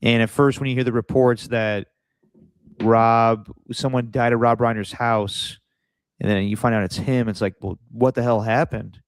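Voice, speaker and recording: Male podcast co-host, rambling storyteller, smooth clear voice, dry sound. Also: medium pitch, steady tone, normal speed, no echo. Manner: rambling, anecdotal, lots of fillers. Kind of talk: casual sports podcast chat.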